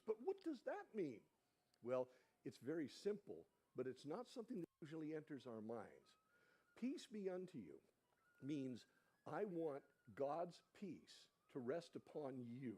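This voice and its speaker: A man's voice: a little high, mellow. A man speaking at a church dinner, teaching the audience in a friendly way and coaxing them to repeat after him. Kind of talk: sermon-style teaching. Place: hall with an audience.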